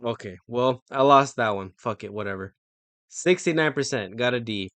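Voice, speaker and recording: A man's voice: mid-range voice, expressive, normal speed, fairly bright tone, dry recording. A young man streaming himself taking a football quiz, muttering to himself and swearing when he gets stuck. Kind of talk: live-stream quiz commentary.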